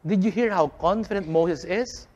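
A preacher delivering a sermon with a repetitive, emphatic cadence, calling the listeners friends and swinging between loud stresses and soft, drawn-out phrases. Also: mid-range voice, big-room sound, lo-fi sound.

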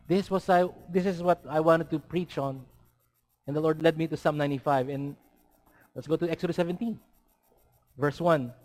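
A man's voice: on the high side, darkish tone. A man preaching a sermon, asking his listeners rhetorical questions and dropping in Tagalog words.

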